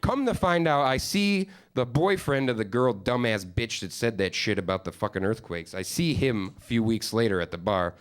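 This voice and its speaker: Man, mid-range pitch, from Upstate New York; foul-mouthed stand-up storyteller, rambling and exasperated. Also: lively intonation, moderate pace, hardly any pauses, clear, resonant tone. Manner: profane, rambling storytelling with mock-exasperated asides. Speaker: stand-up comedian. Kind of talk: stand-up comedy set. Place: comedy stage with live studio audience.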